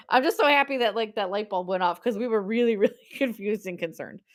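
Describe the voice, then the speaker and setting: A woman's voice: medium pitch, normal speed. A woman in her forties talks in a loose, chatty way while hosting a live-stream sale. She tells stories, laughs often and answers comments from viewers as they come in. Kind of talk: casual live-stream chat.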